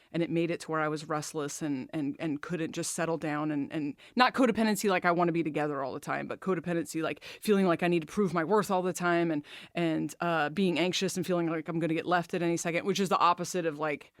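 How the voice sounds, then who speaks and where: A woman's voice: fairly low pitch, fairly bright tone, no echo, clean studio sound. Woman telling a raw personal story. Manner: emotional, confessional, swearing freely. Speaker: podcast host.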